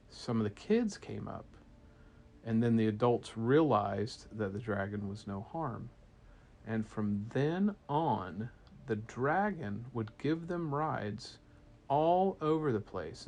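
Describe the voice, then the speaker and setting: A man, a parent, telling an improvised bedtime story to a child in a gentle, playful way. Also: medium pitch.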